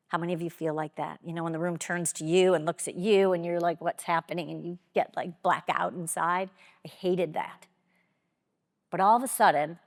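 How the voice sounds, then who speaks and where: A woman giving a motivational keynote talk, telling a personal story with dramatic pauses and acting out what others said. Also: on the low side. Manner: expressive, dramatic pauses, quotes people aloud. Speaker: keynote speaker. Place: large conference hall. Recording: long hall reverb.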